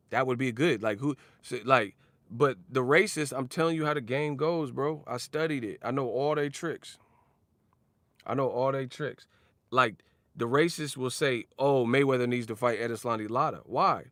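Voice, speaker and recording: A man ranting casually about boxing, animated and profane, laughing often. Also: mid-range voice, no echo. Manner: animated, profane, laughs often, mocks others with sudden shouts. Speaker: boxing commentator.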